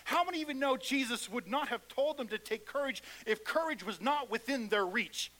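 A man preaching a sermon in a church, swinging between hushed lines and loud, fervent calls. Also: very high-pitched, expressive, brisk, few pauses, low-quality recording.

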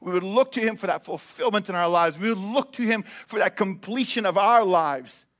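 A man preaching a sermon as pastor, animated, swinging between loud emphatic lines and hushed quiet ones. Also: high-pitched, moderate pace.

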